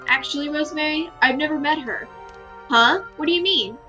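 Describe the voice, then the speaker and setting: A courteous Fae nobleman speaks gently and earnestly, read aloud by a woman. The voice is high and bright. The recording is a little muffled, with soft music underneath. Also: a little fast. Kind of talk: reading a visual novel aloud.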